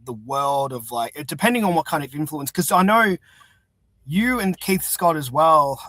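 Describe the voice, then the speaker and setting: Enthusiastic man, fairly high voice. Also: expressive, moderate pace, sharp tone. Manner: enthusiastic, uses fillers. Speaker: podcast host. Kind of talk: casual interview chat.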